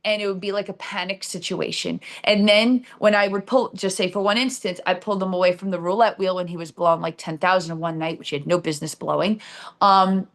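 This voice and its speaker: A woman's voice: fairly low pitch, steady tone, brisk, a bit bright. A middle-aged woman with a New Jersey accent, candidly telling a personal story on her own live stream show, with many fillers and restarts. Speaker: show host.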